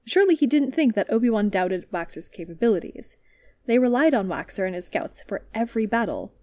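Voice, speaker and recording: A woman reading a story aloud as narrator, in a calm, steady manner. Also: on the high side, brisk, no room sound.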